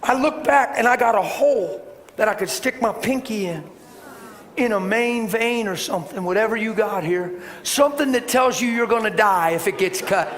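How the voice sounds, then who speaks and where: A middle-aged man preaching a sermon and telling a personal story, swinging between loud bursts and hushed, gentle tones. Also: sits high, normal speed, a faint crowd. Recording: reverberant hall with faint background hiss.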